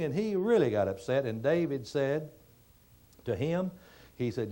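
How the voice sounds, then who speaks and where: A man's voice: mid-range voice, expressive, normal speed. Folksy, dramatic male motivational speaker. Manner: folksy, dramatic, swings between quiet and emphatic. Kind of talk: motivational storytelling speech.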